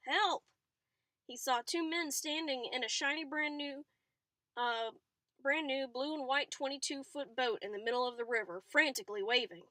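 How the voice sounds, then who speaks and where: A woman reading a novel aloud in a chatty way, stopping now and then for excited asides. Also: sits high, no echo. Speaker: reader.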